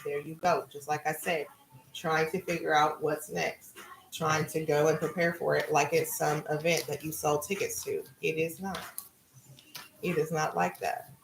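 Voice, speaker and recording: Middle-aged woman, gravelly voice, casual spiritual talk, card-reading host, echoey room. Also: low voice, normal speed, a little hiss or hum. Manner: relaxed, musing, conversational.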